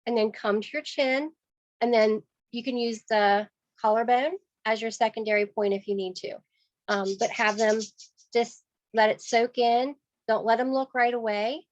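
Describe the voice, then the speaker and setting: A woman sales consultant, telling a lively story on a video call, acting out voices and laughing often. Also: on the high side, dry recording, dull audio.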